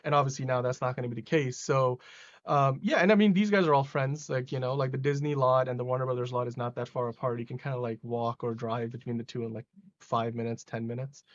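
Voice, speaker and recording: A man's voice: medium pitch, fairly even intonation, fast, highs cut off. A man hosting a casual pop-culture podcast, talking in a rambling way with lots of fillers over a remote call. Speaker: podcast host.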